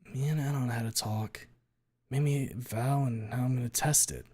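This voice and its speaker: A man reading a calm, serene young male creature with a tail in a story. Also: medium pitch, moderate pace, breathy edge, natural voice.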